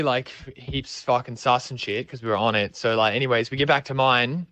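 A man's voice: mid-range voice, a little fast, a bit bright, no room sound. A young man with an Australian accent, telling a rambling, sweary story in a casual way. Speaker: storyteller guest.

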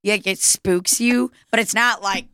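A young woman telling a story in casual chat, animated and laughing, swearing freely. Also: mid-range voice, moderate pace, smooth, no echo, studio quality.

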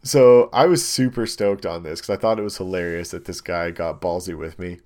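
Man, young adult, fairly low voice, casual chat, rambling anecdote, frequent ums. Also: brisk. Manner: rambling, animated storytelling with many ums and likes. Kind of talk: casual chat, telling a story.

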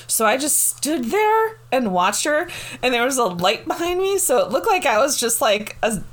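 A woman in her thirties telling a story in casual chat, animated and giggly, swearing freely. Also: sits high, normal speed.

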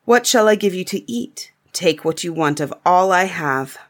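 A woman's voice: fairly low pitch, expressive, normal speed, lightly acted. A woman voicing a bold young prince in a storybook reading, speaking firmly and plainly.

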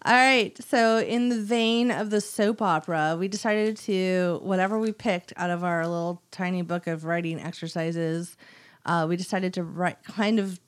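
A woman's voice: lowish voice, steady tone, moderate pace. A woman co-hosting a casual chat, laughing often and swearing freely. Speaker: podcast co-host.

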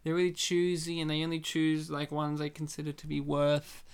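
A man's voice: on the high side, completely flat delivery, normal speed, clear, resonant tone. A man co-hosting a casual movie commentary chat, joking and sarcastic, laughing often.

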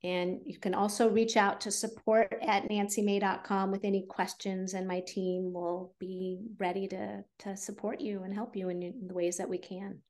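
A woman's voice: mid-range voice, little pitch movement, normal speed, few pauses, a little mellow. A woman guest on a podcast, a fertility coach explaining her methods in an earnest, conversational way with fillers. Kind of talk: podcast interview.

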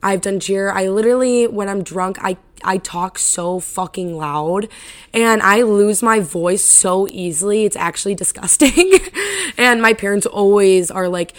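A raspy woman of twenty hosting her own podcast in a rambling, profane, casual way. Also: mid-range voice, moderate pace, fairly bright tone. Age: 20s. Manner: rambling, loose and profane, lots of "like". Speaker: podcast host. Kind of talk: casual solo podcast chat.

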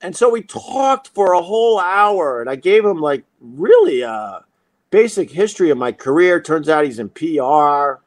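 On his talk show, a middle-aged man tells a story in a loose, lively, foul-mouthed way, performing other people's lines himself. His voice is fairly high and moves at a moderate pace.

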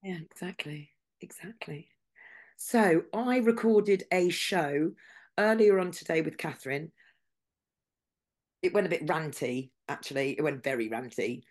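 A woman with a Scouse accent hosts a nightly news chat in a slightly low voice. She talks in a loose, chatty way and drops sarcastic asides. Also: unhurried, a little mellow. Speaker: news show host.

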